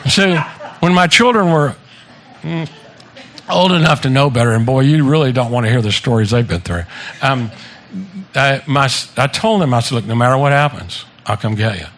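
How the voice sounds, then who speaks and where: This man in his seventies jokes through a birthday speech at a party venue full of guests, cursing freely into a handheld mic and chuckling at his own tales. He speaks at normal speed in an expressive, medium-pitched, slightly bright voice, with a little hiss or hum in the audio.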